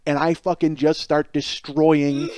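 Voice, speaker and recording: Against background noise, a podcast host speaks in an unhurried, level voice on the high side. He's telling a crude, self-deprecating comic story by himself, voicing the people involved.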